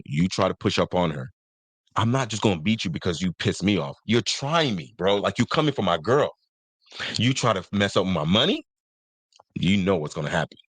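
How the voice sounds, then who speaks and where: Young man, casual co-host, emphatic, low voice, dry close sound. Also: fairly bright tone, no room sound. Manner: emphatic, acts out quoted voices. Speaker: podcast co-host. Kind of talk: casual chat.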